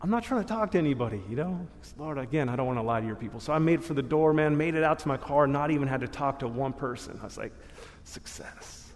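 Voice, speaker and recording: A guest speaker shares his church testimony as a loose, casual story packed with slang, laughing at himself along the way. His voice is on the high side, animated and rapid-fire with hardly any pauses, and a long hall reverb trails behind it.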